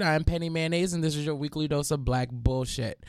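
A woman's voice: sits low, a little fast, a little mellow, no room sound, studio quality. A woman, hosting a casual radio chat show with loose, joking, profane talk and slightly congested sinuses. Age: 20s. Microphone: studio mic.

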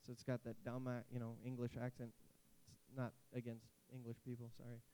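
A man's voice: medium pitch, a little fast, smooth, low-quality recording. A man in his late twenties giving a casual sermon as a youth pastor, telling stories and cracking jokes along the way. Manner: animated storytelling with asides and jokes. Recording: faint hiss.

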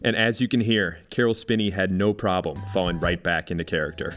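A male podcast host narrates from a script in a somewhat low voice. He sounds conversational, with faint music underneath. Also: brisk, fairly bright tone.

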